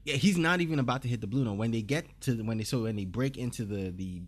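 A man's voice: fast, crowd noise. A man co-hosting a casual chat about a TV episode, swearing freely and restarting sentences as he recaps. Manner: animated, acts out characters' lines with big pitch jumps. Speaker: podcast co-host discussing a TV episode.

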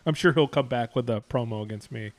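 A man's voice: medium pitch, fast, no room sound. A man co-hosting a casual chat, rambling and profane, often restarting his sentences.

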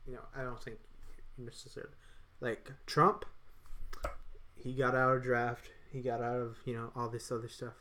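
A man's voice: medium pitch, flat delivery, moderate pace, pauses often, pushed and bright. A man co-hosting a casual podcast, rambling loosely with frequent restarts. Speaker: podcast co-host. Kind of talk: casual chat.

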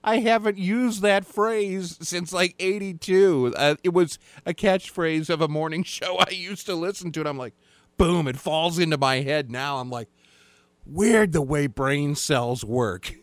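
A man's voice: a little high, a little slow, dry recording. A man, the show's producer, chiming in with casual, self-deprecating banter. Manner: self-deprecating, chatty interjections. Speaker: show producer and co-host.

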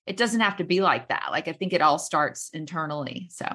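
A middle-aged woman with a bright, forceful voice sitting low in pitch, chatting as a guest on a podcast. She talks with enthusiasm and open feeling and laughs easily. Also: expressive, slightly rough. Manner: emotional, enthusiastic, quick to laugh. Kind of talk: casual interview chat.

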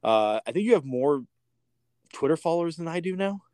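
A man's voice: on the high side, animated, fairly quick, a little mellow, smooth, dry recording, studio quality. A man co-hosting a podcast in casual chat, rambling and swearing freely with many restarts. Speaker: podcast co-host.

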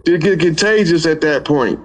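A man with a high voice gives a loose, folksy talk on love and energy. He speaks right to his listeners, easy and conversational. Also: moderate pace, rough recording. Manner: folksy, talks straight to the listeners. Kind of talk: casual spiritual talk.

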